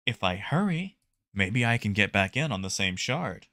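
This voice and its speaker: Guy streaming a game and chatting w viewers, bright forceful voice, dry close sound. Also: fairly low pitch, normal speed, dry recording. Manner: excitable, talks to chat, repeats himself. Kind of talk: live gameplay commentary.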